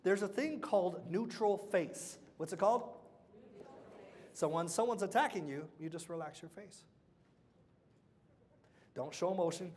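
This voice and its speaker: A man with a fairly high voice runs a lively workplace training session. He talks straight to the room, tossing out questions and asking people to repeat key words back to him. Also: normal speed, long pauses, a little hiss or hum. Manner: quizzes the audience with call-and-response questions. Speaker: workshop speaker. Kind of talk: motivational workshop talk.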